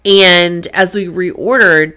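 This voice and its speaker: A middle-aged woman hosts her faith-based show in a casual storytelling monologue. Her voice sits a little low, and she talks in a chatty, animated way, acting out her own reactions as she goes. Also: slow pace.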